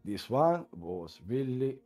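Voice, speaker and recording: Speaking in loose, broken English, a native Italian man with an Italian accent co-hosts a stream, commenting live on flight-sim landings and cheering. His voice is medium in pitch and darkish in tone, moving slowly with big swings in pitch. Music plays in the background.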